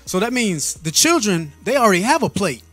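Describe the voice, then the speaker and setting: Earnest man telling a story, slightly high voice. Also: big pitch swings, fairly quick, fairly bright tone, soft background music. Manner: earnest, repeats and restarts words, laughs between phrases. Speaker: vlogger sharing a faith testimony. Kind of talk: casual spoken storytelling.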